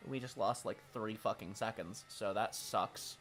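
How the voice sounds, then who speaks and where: A man streaming a racing management game, talking casually with a raspy, smoker-like voice, swearing and making wry remarks as he thinks aloud. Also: on the low side, a little slow, a bit bright, faint music behind. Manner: profane, wry, thinking aloud while playing. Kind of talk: casual live-stream commentary.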